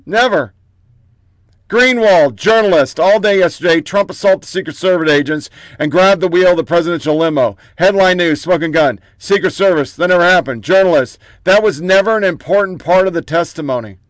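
A man's voice: high-pitched, a little fast, dry recording. A man hosting a political commentary show, reading out headlines in short clipped bursts with profane, mocking asides.

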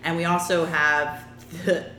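A woman's voice: low-pitched, flat delivery, unhurried, pushed and bright, slight background noise. A woman chatting casually about a TV show, with lots of fillers and easy laughs. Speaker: podcast co-host discussing a TV show. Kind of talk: casual chat. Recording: roomy echo.

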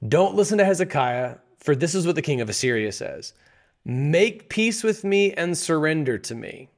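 A man reading the lines of a mocking, threatening royal envoy from an ancient king, in a loud, taunting voice. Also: a little high, expressive, moderate pace, voice pushed up.

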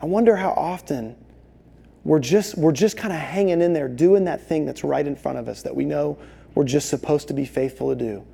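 A man preaching a sermon, telling stories with animated, acted-out quotes. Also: a little high, moderate pace, gravelly, husky. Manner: animated storytelling, acts out voices in quotes. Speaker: pastor.

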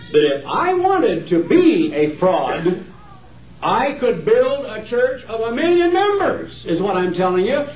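A male evangelist preaching a campaign sermon with emphatic, dramatic pauses, recorded live in a large hall. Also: high-pitched. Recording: roomy hall, distant dull mic.

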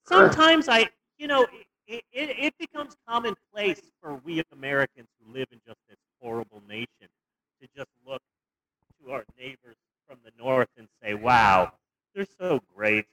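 A young man co-hosting a podcast, telling stories in a rambling, animated way with stumbles and restarts. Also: high-pitched, moderate pace, rough recording. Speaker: podcast co-host. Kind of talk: casual comedic movie review chat.

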